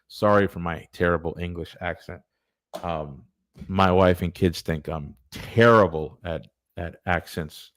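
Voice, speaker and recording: Deep-voiced guy lecturing on church history, rambles a bit, dry close sound. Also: measured pace, fairly bright tone, dry recording. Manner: earnest, digressive, conversational. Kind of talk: casual lecture.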